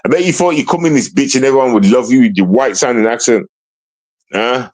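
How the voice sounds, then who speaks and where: A man's voice: medium pitch, brisk, darkish tone, low-quality recording. Confrontational man ranting on a livestream. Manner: confrontational, repetitive, slangy, restarts often. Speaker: livestream host. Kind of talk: casual livestream rant.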